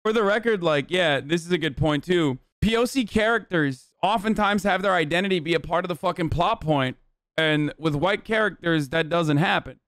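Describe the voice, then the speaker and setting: A man's voice: on the high side, moderate pace, a bit bright, dry recording, clean studio sound. A man in his thirties commenting bluntly and with plenty of profanity while reacting to a clip on a live stream.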